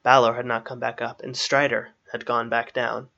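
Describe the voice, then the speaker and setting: A man narrating a fantasy story aloud in a steady storytelling manner. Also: medium pitch, normal speed, creaky, dull audio.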